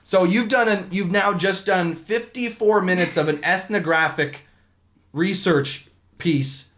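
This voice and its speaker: A man hosting a casual sports podcast, chatty and playful, often stumbling over his words as he jokes along. His voice sits a little high for a man. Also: unhurried, a bit bright. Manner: rambling, joking, many restarts. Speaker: podcast host. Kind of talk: casual chat.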